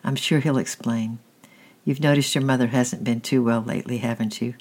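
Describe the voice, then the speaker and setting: A gentle old woman from a storybook, soothing and unhurried, her voice hushed and low as she tries to calm a frightened boy, as the narrator puts her on. She stays tender and careful with every word. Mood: gentle, reassuring. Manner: soft, quiet and slow, reassuring.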